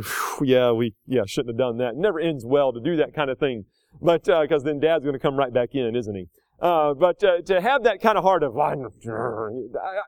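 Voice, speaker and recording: A man's voice: fairly high pitch, darkish tone, dry recording. A middle-aged male pastor preaching a sermon in a conversational way, drifting into homely anecdotes and back.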